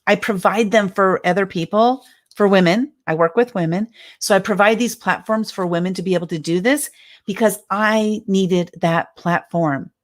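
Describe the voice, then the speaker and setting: A woman's voice: medium pitch, normal speed. A woman in her fifties giving an emphatic, heartfelt motivational talk as a speaker and coach, often repeating her phrases. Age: 50s.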